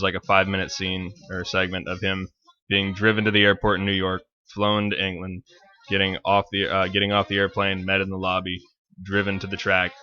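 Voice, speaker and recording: A man's voice: deep voice, sharp tone, highs cut off. A man co-hosting a casual talk show, rambling and hunting for words. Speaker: podcast co-host. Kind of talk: casual chat.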